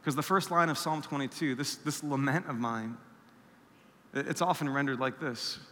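A man's voice: mid-range voice, normal speed, bright, forceful tone. A man preaching a sermon, telling a personal story and acting out the voices of people he quotes. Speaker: pastor. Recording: long hall reverb.

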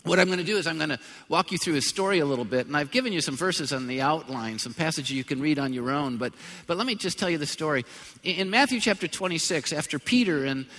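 A man's voice: animated, fast, few pauses. Man preaching in a reverberant hall. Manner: conversational preaching that swells into loud, high-pitched emphasis. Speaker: pastor. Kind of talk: sermon. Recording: long reverb of a large hall.

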